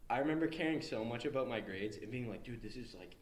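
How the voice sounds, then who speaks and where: A man's voice: medium pitch, lively intonation, fast talker, reverberant, slight background noise, rough recording. Laid-back young man telling stories. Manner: laid-back, swears often, laughs a lot. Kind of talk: casual storytelling chat.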